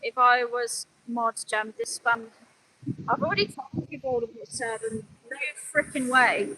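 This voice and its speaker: A woman with a high, bright voice hosts an outdoor livestream as an animal rights activist. She speaks slowly and earnestly, switching between gentle pleading and firm scolding of her chat. A faint background hiss runs under her voice. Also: low-quality recording. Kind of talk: live stream commentary.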